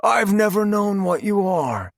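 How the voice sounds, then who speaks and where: A male narrator voicing a gleeful, menacing male cultist who drags out his words in a high, sing-song tone. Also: lively intonation, unhurried, gravelly, dry recording, studio quality, exaggerated voice.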